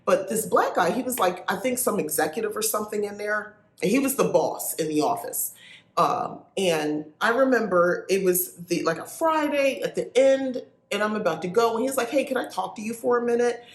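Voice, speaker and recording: Woman, 40s, South Jersey accent, nasal, chatty storytelling host, middle pitch, echoey room. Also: normal speed. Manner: chatty, animated, talks straight to listeners. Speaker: podcast host. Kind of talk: casual storytelling monologue.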